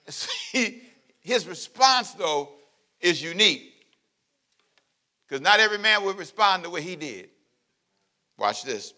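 A man's voice: sits high, sing-song, slow pace, long pauses, pushed and bright. A male pastor preaching a sermon, joking with the congregation and acting out scenes as he goes. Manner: playful, joking preacher who acts out scenes; calls out to the congregation.

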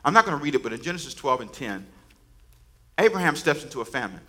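A man's voice: medium pitch, sing-song, quick pace, a bit bright. A man preaching a sermon, emphatic and repetitive, calling on the congregation to say lines back to him. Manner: preaching with call-and-response to the congregation; emphatic, repeats words and phrases. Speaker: pastor.

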